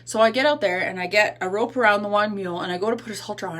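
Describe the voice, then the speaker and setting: A woman's voice: mid-range voice, racing, hardly any pauses, a bit bright. Candid woman livestreaming from home. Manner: candid, self-deprecating storytelling. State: still regaining her voice. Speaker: livestream host. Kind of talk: casual livestream chat. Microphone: phone or webcam livestream.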